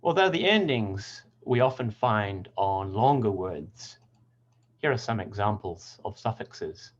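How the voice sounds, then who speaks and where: Lively-voiced man teaching pronunciation. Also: on the low side, muffled recording. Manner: clear, deliberate word demonstrations. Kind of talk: scripted lesson narration.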